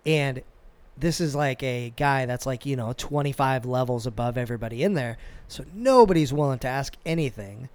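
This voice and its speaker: A man hosting a podcast, telling a work story in a casual, animated and profane way. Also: mid-range voice, normal speed, clean tone, dry recording. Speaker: podcast host.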